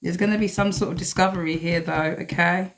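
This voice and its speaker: A woman's voice: on the low side, fairly even intonation, fairly quick. A woman giving a blunt, emphatic live tarot reading, swearing freely as she talks to viewers. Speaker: tarot reader.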